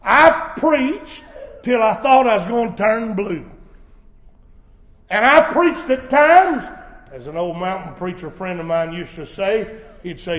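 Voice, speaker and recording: A man preaching a sermon, swelling into shouted emphasis, recorded in a church sanctuary. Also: high-pitched, animated, slow pace. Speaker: pastor. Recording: echoey church hall.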